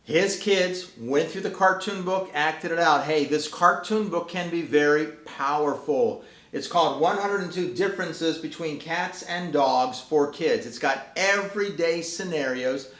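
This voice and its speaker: With a voice on the high side, a bit bright and a little slow, this man gives a folksy, eager promotional talk about his children's book. He's the author and presenter, and the space sounds echoey.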